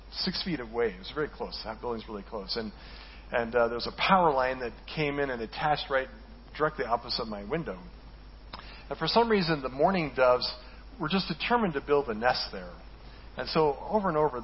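A man's voice: mid-range voice, dull audio, slight background noise. A male pastor preaching in a conversational way, often tagging lines with "right?" and chuckling at his own jokes. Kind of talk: sermon.

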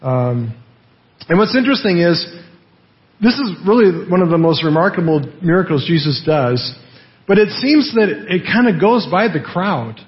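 A man's voice: high-pitched, big pitch swings, normal speed. Conversational male preacher, dull lo-fi audio. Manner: conversational, with frequent "right?" tags and rhetorical questions. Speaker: pastor. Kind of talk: sermon.

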